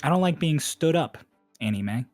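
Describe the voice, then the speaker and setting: A woman's voice: low voice, animated, normal speed, a little mellow, no room sound, soft background music. A man voicing a woman who feels stood up, pleading earnestly with a teasing edge. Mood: wistful.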